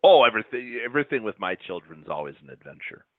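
A man's voice: fairly low pitch, very animated, fast talker, no room sound. A man from central Wisconsin co-hosting a podcast, chatting casually with dry, wry jokes. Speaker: podcast co-host. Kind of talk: casual chat. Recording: tinny phone-like sound, dry.

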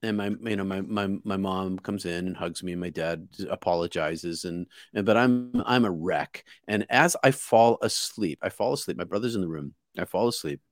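A man from outside Boston tells a story aloud in an earnest, vivid way, often repeating and restarting his words. His voice sits fairly low. The sound is dry, with no room echo. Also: moderate pace, few pauses. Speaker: guest. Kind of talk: casual spoken storytelling.

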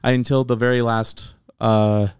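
Profane, animated man telling stories. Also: medium pitch, moderate pace, smooth, dry recording, clean studio sound. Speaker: battle rapper guest. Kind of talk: casual podcast interview.

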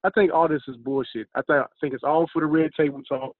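A man talks fast and skeptically on a casual podcast. His voice comes through a tinny, phone-like line with no room sound. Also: fairly high pitch, steady tone, no room sound. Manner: skeptical, quick. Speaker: podcast co-host.

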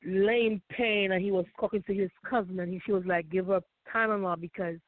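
A woman sharing a painful personal testimony as a guest, halting and repeating her phrases. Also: mid-range voice, steady tone, dry recording. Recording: tinny phone line, faint music.

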